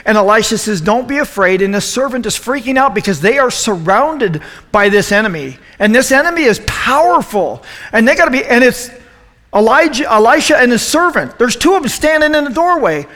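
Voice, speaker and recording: Youth pastor, man, high voice, animated and joking, preaching in an echoey hall. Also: fairly quick. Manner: animated, joking, asks the room questions. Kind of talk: youth group sermon.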